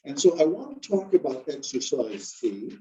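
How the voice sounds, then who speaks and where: Husky middle-aged man lecturing from afar. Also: a little high, sing-song, moderate pace, warm tone. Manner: casual explaining, repeats words to demonstrate sounds. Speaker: phonetics instructor. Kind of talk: classroom lecture. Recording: distant dull lo-fi classroom recording.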